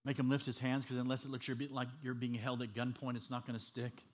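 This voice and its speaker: A man preaching a sermon as an animated, humorous storyteller. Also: mid-range voice, quick pace.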